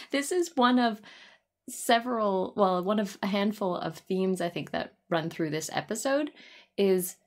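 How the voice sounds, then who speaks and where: Sex: woman. Role: podcast co-host. Style: casual chat. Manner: thoughtful, giggly. Pitch: middle. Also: lively intonation, measured pace.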